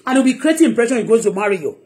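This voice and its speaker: A Nigerian-accented woman with a high voice speaks to her followers in a fired-up live monologue. She hammers her points home with emphasis and says them again. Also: sing-song, rapid-fire, a little mellow. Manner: emphatic, heated, repeats herself. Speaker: online blogger.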